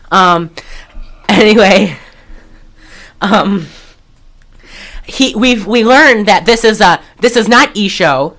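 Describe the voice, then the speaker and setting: A woman co-hosting a podcast, retelling a film scene by scene in loose casual chat. Her pitch moves in wide, lively swoops, and she slips into quick acted-out voices for the characters before breaking into loud laughter. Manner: animated storyteller, acts out lines, laughs loudly. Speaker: podcast co-host.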